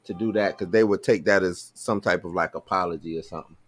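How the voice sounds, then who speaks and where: A man's voice: sits low, quick pace. A man hosting a live chat show, talking loosely and joking, full of slang and fillers. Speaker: podcast host. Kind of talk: casual chat.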